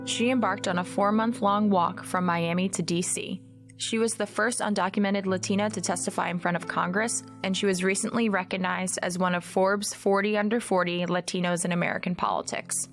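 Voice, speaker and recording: A woman's voice: medium pitch, steady tone, a little fast, soft background music. A woman narrating a podcast in a polished, scripted read.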